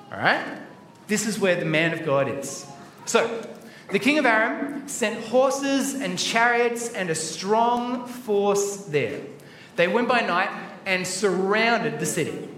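A man with a high, bright-toned voice leads a children's Bible talk in a chatty, playful way. His voice rings around a roomy church hall with faint noise behind. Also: recorded from a distance. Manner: playful and chatty, acting out the story.

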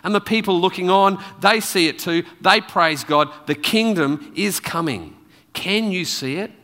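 A man preaching a sermon in a church, telling the story with lively, animated delivery. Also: high-pitched, a little slow, in a large hall.

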